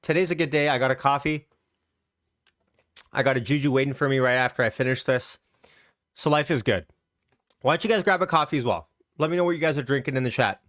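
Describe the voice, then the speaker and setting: A man's voice: fairly high pitch, a bit bright, no echo, clean studio sound. A man hosting a casual stock market livestream, upbeat and chatty, greeting viewers from the chat with loose restarts.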